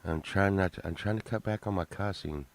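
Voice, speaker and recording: A middle-aged Texan man hosting a rambling casual chat, tired from a late night, swinging between mumbles and loud outbursts. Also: deep voice, brisk. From Texas. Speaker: show host.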